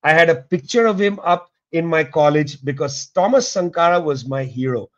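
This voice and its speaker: A man's voice: on the high side, expressive, normal speed, highs cut off. A middle-aged man giving impassioned political commentary as a guest historian, speaking emphatically and addressing listeners directly.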